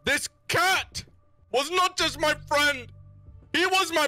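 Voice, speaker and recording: A man giving an over-the-top eulogy, shouting and wailing in theatrical fake grief. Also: very high-pitched, slow, faint music behind.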